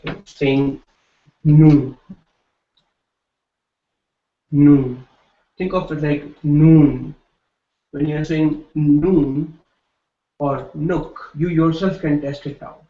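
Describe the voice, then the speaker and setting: Here a Hindi teacher lectures a class in a fairly high, mellow voice, patiently working through explanations and often adding "right?". The audio is lo-fi and dull, captured in a room with echo.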